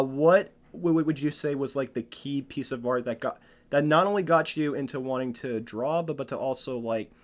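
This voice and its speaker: A man hosting a casual interview, hesitant and stumbling, laughing and swearing casually. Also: medium pitch. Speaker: podcast host.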